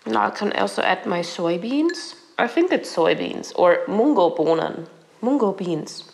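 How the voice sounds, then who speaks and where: A young woman, sick and hoarse, chatting casually to viewers while cooking in her home kitchen. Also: mid-range voice, animated, measured pace, darkish tone. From Germany. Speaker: lifestyle vlogger. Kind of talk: casual cooking vlog chat.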